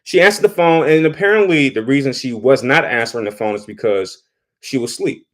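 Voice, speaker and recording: Brief: a man of medium pitch, chatty vlogger commentary, loose restarts. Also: brisk. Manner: conversational, repeats words while thinking. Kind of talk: casual commentary.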